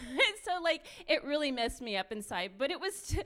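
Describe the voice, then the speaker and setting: A woman telling her own mission trip story with lively, run-on phrasing, laughing often as she goes. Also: sits high, brisk. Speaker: missionary sharing testimony. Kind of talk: animated personal storytelling.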